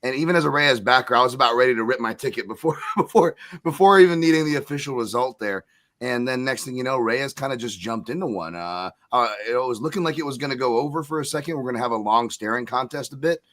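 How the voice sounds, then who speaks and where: A man's voice: mid-range voice, fast, a bit bright. A man co-hosts a casual roundtable and rambles through his points. He stops and restarts his sentences often. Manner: rambling, lots of fillers and restarts. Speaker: co-host.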